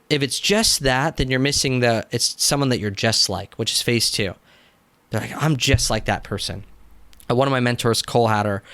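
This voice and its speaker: Animated, dry-sounding man telling his story. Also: mid-range voice, clear, resonant tone, no echo. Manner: animated, acts out quotes, frequent "like" fillers. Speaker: business coach. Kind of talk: storytelling in a casual interview.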